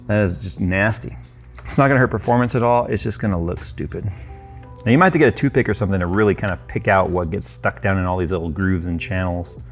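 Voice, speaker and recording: A man's voice: sits low, quick pace, soft background music. A man in his thirties casually walking through a hands-on cleaning job at a workbench, chatty and loose with offhand jokes. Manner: chatty, loose, self-deprecating asides. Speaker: tech YouTuber. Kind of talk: casual how-to demonstration. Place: workshop workbench.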